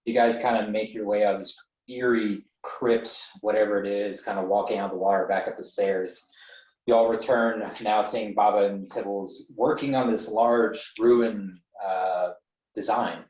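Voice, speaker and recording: A man's voice: fairly low pitch, fairly even intonation, unhurried, darkish tone, echoey room, low-quality recording. A man narrating a tabletop game as game master, loose and hesitant with many fillers.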